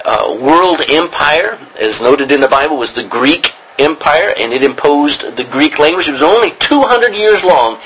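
A man's voice: a little high, a bit bright, slightly rough, rough recording. A man teaching a class on biblical Greek, rambling with many ums and restarts. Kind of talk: classroom lecture.

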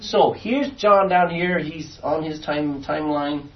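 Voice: medium pitch, unhurried. A Bible study teacher leading a class, reading verses aloud, explaining them and quizzing the students as they go. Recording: distant, dull lo-fi room recording.

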